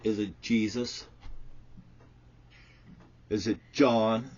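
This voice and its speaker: A man delivering an angry, profane monologue to the camera as a self-styled prophet, swinging between shouted curses and low, muttered storytelling. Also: a little slow, slightly rough, dull audio.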